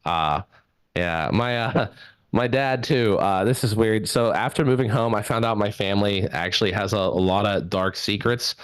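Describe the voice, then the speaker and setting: A man's voice: on the low side, normal speed, clear, resonant tone, no room sound. A man in his thirties from southwestern Pennsylvania doing a rambling, self-deprecating stand-up set into his laptop. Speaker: stand-up comedian.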